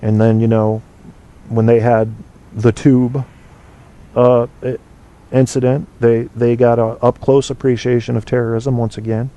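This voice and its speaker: A mellow, dark-voiced man rambles through his opinions as he hosts a casual call-in show. He fills the gaps with ums and restarts and keeps things loose and chatty. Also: mid-range voice, flat delivery, unhurried. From United States. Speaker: podcast host.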